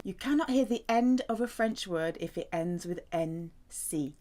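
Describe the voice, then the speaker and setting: A woman from the UK teaching a French lesson, saying each word slowly and repeating it with careful emphasis. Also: on the low side, big pitch swings, a little mellow. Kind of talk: slow, deliberate language lesson.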